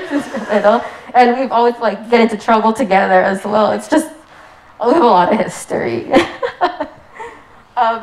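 A woman's voice: fairly high pitch, poor audio. A young woman from the United States giving a rambling, giggly wedding toast with lots of "like.". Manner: giggly, rambling, says "like" often.

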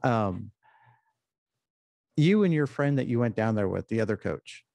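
Mellow-voiced man hosting a podcast. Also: lowish voice, expressive, vocal fry, dry recording. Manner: measured, probing questions. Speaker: podcast host. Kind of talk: interview questions.

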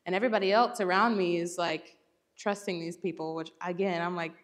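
A woman's voice: lowish voice, steady tone, brisk. A young woman, giving a chatty, self-deprecating Bible talk with frequent laughter. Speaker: church speaker. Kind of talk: casual Bible teaching talk.

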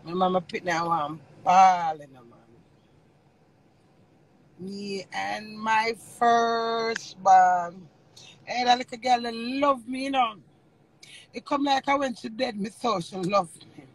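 Gravelly Jamaican woman pouring her heart out. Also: medium pitch, slow, rough recording. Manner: rambling and emotional, swears freely in patois. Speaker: reality TV personality. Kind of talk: emotional personal monologue.

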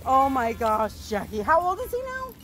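Gushing high-voiced woman with music behind. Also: huge pitch swings, normal speed, poor audio. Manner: gushing, cooing at puppies, laughing often. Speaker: dog owner vlogger. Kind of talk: casual home video chat. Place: outdoors in a yard.

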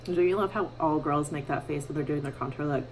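Young female vlogger, slightly low voice, chatty and self-deprecating, makeup tutorial feel, recorded in a home bathroom. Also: fast, slight background noise, poor audio. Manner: chatty, many fillers, self-mocking. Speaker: beauty vlogger. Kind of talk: casual makeup tutorial chat.

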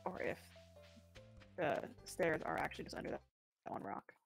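A woman's voice: normal speed, soft background music. A woman co-streaming a game with her husband, chatting casually and trading dry, playful jokes. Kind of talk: casual gaming stream chat.

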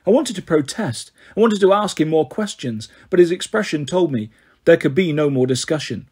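A man narrating an audiobook in the first person, with steady, quick storytelling. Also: on the high side, slightly rough. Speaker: audiobook reader.

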